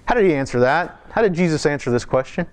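A man preaching a sermon in a church, talking conversationally, asking the congregation questions and slowing down to stress key words. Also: expressive, background noise. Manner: slows down and lifts pitch for emphasis. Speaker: pastor.

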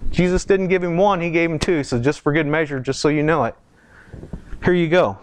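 A man preaching a sermon in a church, talking conversationally, asking the congregation questions and slowing down to stress key words. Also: slight background noise. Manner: slows down and lifts pitch for emphasis. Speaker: pastor.

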